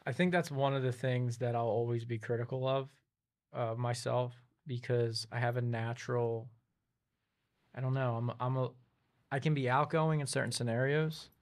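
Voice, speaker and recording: A man's voice: medium pitch, steady tone, normal speed. A man talking as a guest in a casual interview, thoughtful and a little hesitant as he speaks. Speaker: business owner guest.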